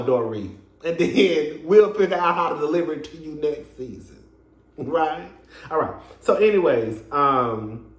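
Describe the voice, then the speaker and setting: Brief: male reviewer, sassy and salty, fairly high voice, roomy echo. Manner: sassy, profane and laughing. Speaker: reality TV reviewer. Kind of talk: casual commentary. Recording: echoey room.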